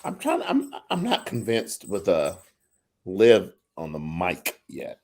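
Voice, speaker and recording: A man with a very low, deep voice co-hosts a casual wrestling chat. He hesitates and repeats words as he puts his thoughts together. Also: huge pitch swings, slow pace, darkish tone. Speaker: co-host.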